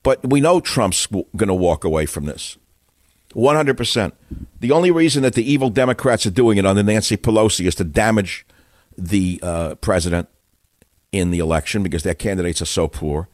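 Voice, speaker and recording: A man's voice: fairly low pitch, fairly quick, dry recording, studio quality. An older man hosting a radio talk show, delivering a combative, sarcastic, rambling monologue full of insults. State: winded.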